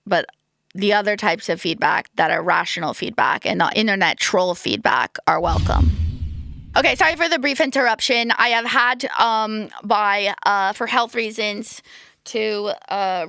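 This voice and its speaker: A woman's voice: medium pitch, unhurried, a bit bright, no echo, studio quality. A woman hosting a podcast, talking in a rambling, playful, self-deprecating comic monologue while slightly losing her voice. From United States. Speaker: podcast host. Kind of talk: casual comedic monologue.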